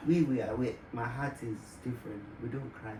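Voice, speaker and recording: A playful man chats and teases as the husband in a family vlog, talkative and easygoing. His voice is mid-pitched for a man and comes from well off the mic in a roomy space. A clear wash of background noise runs under him. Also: steady tone, fairly quick, far from the mic. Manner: playful, teasing, chatty. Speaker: husband co-host. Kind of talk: casual family chat.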